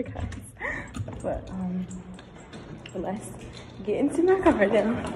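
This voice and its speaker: Chatty young woman vlogging, slow-paced. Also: mid-range voice, loud music behind the voice. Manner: chatty, excitable, talks straight to viewers. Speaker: lifestyle vlogger. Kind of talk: casual vlog tour. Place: outdoors, rooftop and parking area.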